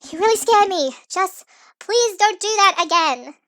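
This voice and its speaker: A woman voicing a worried, protective dad in a game, with a sped-up, pitched-up nightcore effect. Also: expressive, unhurried, fairly bright tone, full character voice. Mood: gentle. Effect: sped-up, pitched-up nightcore edit.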